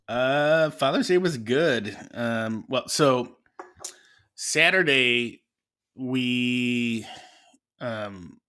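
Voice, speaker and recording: A man's voice: medium pitch, lively intonation, very slow, bright, forceful tone, clear, resonant tone. A man in his thirties co-hosting a podcast, telling a family story in a laid-back way with fillers. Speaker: podcast co-host. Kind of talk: casual chat.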